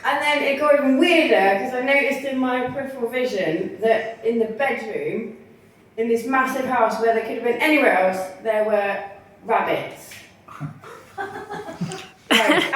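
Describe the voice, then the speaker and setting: A woman's voice: a little high, slight background noise. Bawdy woman doing stand-up, echoey bar. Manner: bawdy, laughing at own jokes, quoting in voices. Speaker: stand-up comedian. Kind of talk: stand-up comedy set. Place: comedy night in a bar. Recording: echoey bar, mic heard from far.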